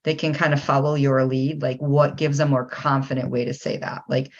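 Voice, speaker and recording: A woman's voice: very deep voice, level tone, moderate pace. A woman hosting a podcast, chatty with lots of fillers as she asks questions. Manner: chatty, many fillers, quotes voices in stories. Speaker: podcast host. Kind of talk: podcast interview. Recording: slightly dull lo-fi sound.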